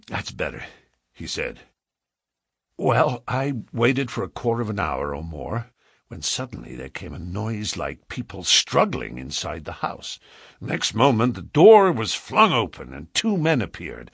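A man's voice: on the low side, fairly bright tone, husky, no echo, clean studio sound. A man reading a classic novel aloud as dramatic first-person narration. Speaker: audiobook narrator.

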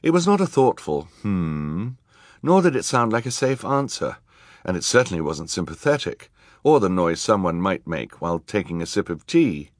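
A man with a lowish voice narrates a story in a measured, wry way. The sound is close and dry, with no room around it. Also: sing-song, dry recording. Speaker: audiobook narrator. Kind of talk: scripted narration.

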